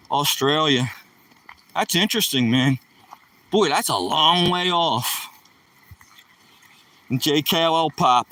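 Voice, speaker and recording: On his live-stream chat, a man from the US East Coast walks outdoors and talks without stopping, hyper and joking with viewers. His voice is a little high, pushed and bright, and it sits far from the mic on a low-quality recording.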